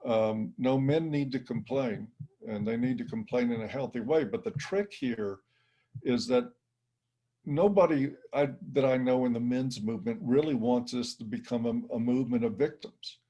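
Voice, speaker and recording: A man's voice: mid-range voice, moderate pace, warm tone, lo-fi sound. A middle-aged man giving an emphatic, blunt interview answer. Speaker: interview guest. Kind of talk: interview conversation.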